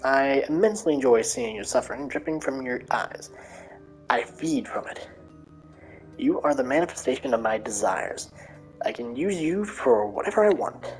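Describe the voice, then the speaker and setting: A woman's voice: extremely low pitch, big pitch swings, moderate pace, a little mellow, faint music behind, exaggerated voice, low-quality recording. A woman voicing a sinister male monster who taunts and gloats in a menacing way.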